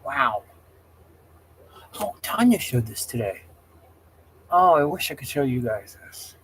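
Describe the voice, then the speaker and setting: A man's voice: mid-range voice, big pitch swings, slow, a bit bright, a little hiss or hum. A man hosting a casual livestream, rambling, getting heated and exasperated as he talks. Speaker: livestream host.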